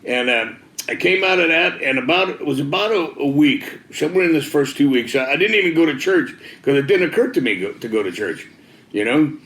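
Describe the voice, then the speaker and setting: A man's voice: fairly high pitch, lively intonation, brisk, fairly bright tone, echoey room. A man, a former biker, telling his personal testimony in a casual, slangy way.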